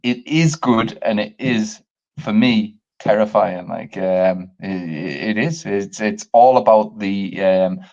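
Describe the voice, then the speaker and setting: A man's voice: lowish voice, slow, gravelly, darkish tone, highs cut off. A man co-hosting a casual chat show, talking with passion, rambling and swearing freely. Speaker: podcast co-host.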